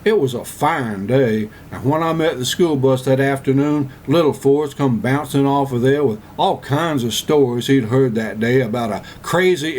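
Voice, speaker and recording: A man plays Forrest Gump, the gentle, slow-witted Southern character, in a comedic first-person monologue delivered in a slow, earnest, rambling Southern US drawl. His mid-range voice is lightly acted, with a little hiss or hum in the recording.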